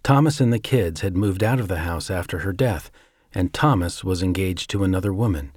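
Guy with a lowish voice reading a creepy story, slow and measured, dry close sound. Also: darkish tone, husky, no echo. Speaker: narrator. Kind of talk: scripted story narration.

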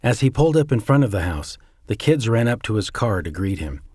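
A man reading a suspenseful story aloud in a measured way. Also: lowish voice, sing-song, darkish tone, husky, no echo, studio quality. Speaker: narrator. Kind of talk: scripted story narration.

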